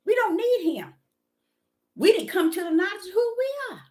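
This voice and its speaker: A woman preaching with fervor in a rhythmic, repetitive monologue that swings between loud declarations and soft asides. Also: extremely high pitch, sing-song, normal speed.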